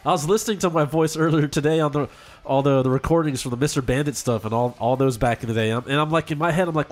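A man's voice: fairly high pitch, fast talker. A man hosting a podcast, chatting casually with a nasal, stuffed-up voice from a cold, rambling and self-deprecating. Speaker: podcast host. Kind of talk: casual chat.

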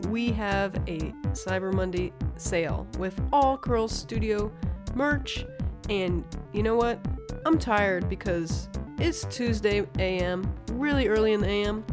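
A woman's voice: mid-range voice, lively intonation, measured pace, over music. A woman co-hosting a podcast, chatting in a teasing, casual way with lots of fillers. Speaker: podcast co-host. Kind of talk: casual chat.

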